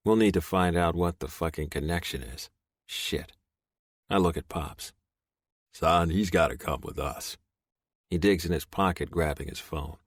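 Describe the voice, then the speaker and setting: A man narrating a romance audiobook in first person, gruff, profane and intense. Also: low-pitched, no echo, studio quality.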